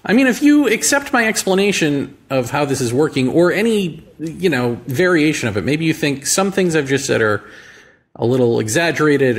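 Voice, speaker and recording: An American podcast host muses aloud in a reflective monologue on politics and spirituality, posing rhetorical questions in slow, deliberate phrasing. His voice is a little high with lively intonation.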